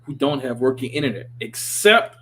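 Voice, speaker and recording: A man's voice: mid-range voice, animated, moderate pace, sharp tone, breathy edge. A man reading the lines of a corny, middle-aged male scientist dad in a hammy, earnest way.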